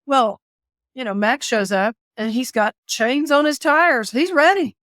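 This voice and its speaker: A woman, a caregiver and author telling a lively story in an interview, laughing often. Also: high voice, measured pace, no echo, clean studio sound. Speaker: guest, author and former caregiver.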